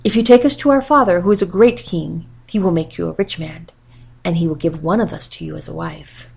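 A woman's voice: on the low side, a little fast, creaky, a little mellow, slightly rough. A woman reading aloud, voicing a grateful young princess in an earnest tone.

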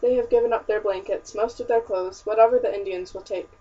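A woman's voice: mid-range voice, steady tone, brisk, warm tone, natural voice. A woman reading the lines of a grave, plain-spoken young male colonist in an audiobook. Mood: solemn. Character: solemn young male colonist, earnest, blunt. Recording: distant, dull lo-fi audiobook recording.

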